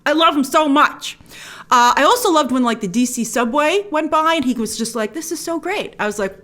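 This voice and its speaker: A woman with a fairly high voice hosting a casual movie review. She gushes about what she loved and slips into quick quoted asides as she talks. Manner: gushing and animated, jumps into quick quoted asides. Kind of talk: casual spoken film review.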